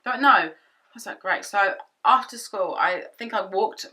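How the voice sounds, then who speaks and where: A young woman chatting to camera from her home office, retelling a past relationship with animated quoted asides. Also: mid-range voice, normal speed. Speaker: vlogger. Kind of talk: storytime vlog. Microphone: camera-mounted shotgun mic.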